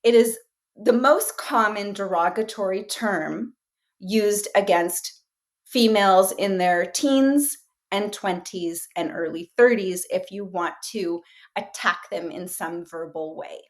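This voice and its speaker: Speaking at a medium pitch, an actress and writer keeps a casual interview lively and chatty, sprinkling in lots of fillers and quick asides.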